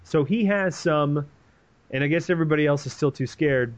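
A man's voice: fairly high pitch, steady tone, a little fast. A man retelling a story in a casual, comedic way, swearing and rambling with plenty of animation.

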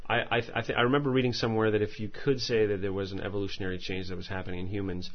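A man's voice: lowish voice, flat delivery, rapid-fire, hardly any pauses, highs cut off. A man hosting a podcast, chatting casually and reading listener mail aloud in a rambling, self-mocking way that often stumbles over words. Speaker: podcast host.

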